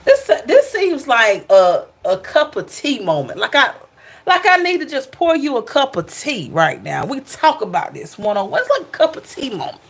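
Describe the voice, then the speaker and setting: A woman's voice: sits high, big pitch swings, moderate pace, breathy edge. A woman giving a casual tarot reading, chatty, blunt and playful, speaking straight to her viewers. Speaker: tarot reader.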